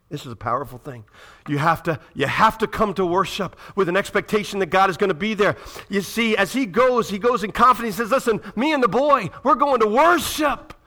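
Man, pastor, sermon, high voice, impassioned, loud to hushed swings. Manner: reads scripture aloud, addresses the congregation directly.

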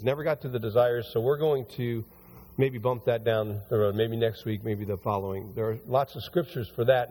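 A man preaching a conversational sermon as pastor, his voice a little hoarse and recovering. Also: medium pitch, a little mellow. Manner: conversational, rambling with restarts. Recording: long hall reverb.

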